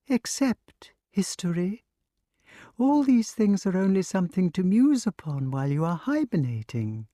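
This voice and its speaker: A man voicing a patient old male grass snake with a sing-song, gently affectionate way of talking, in an audiobook. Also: high-pitched, sing-song, measured pace, no room sound, studio quality, voice pushed up. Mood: patient, musing. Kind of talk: audiobook character reading.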